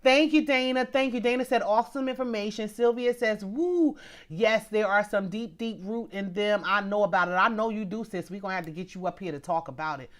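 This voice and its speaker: A middle-aged woman, hosting a casual livestream from home. Her voice rises and falls a lot as she thanks viewers by name. She reads their comments out loud, talking straight to the people watching. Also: mid-range voice, brisk. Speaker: livestream host.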